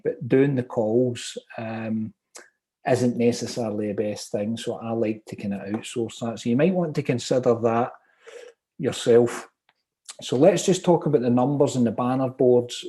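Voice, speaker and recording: A Glaswegian man with a strong Scottish accent gives an online training session. His voice is mellow and dark, his delivery chatty and upbeat as he talks viewers through tips. The sound is that of a webinar picked up on a desk mic. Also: mid-range voice. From Scotland, Glasgow. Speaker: property investment trainer.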